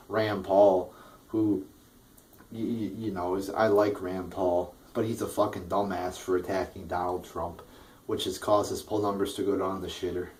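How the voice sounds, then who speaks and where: A man's voice: deep voice, a little mellow, far from the mic, rough recording. A man in an angry, profane political rant, talking heatedly with stammering restarts. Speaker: political vlogger.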